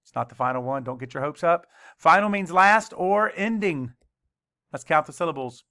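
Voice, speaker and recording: A male teacher leading a spelling lesson for children, spelling words slowly letter by letter and adding dry asides. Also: a little high, expressive, bright, forceful tone.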